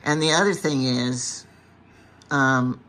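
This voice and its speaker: A woman's voice: very deep voice, slow pace, a bit bright. An older woman chatting casually in a home kitchen, chiming in and adding her own stories while a man works. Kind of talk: casual chat.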